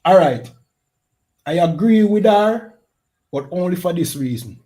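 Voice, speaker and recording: A man's voice: high voice, lively intonation, measured pace, warm tone. A man hosting a radio show, giving emphatic, preaching commentary on a clip and often checking that listeners follow. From Jamaica. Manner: emphatic, keeps asking "you understand?".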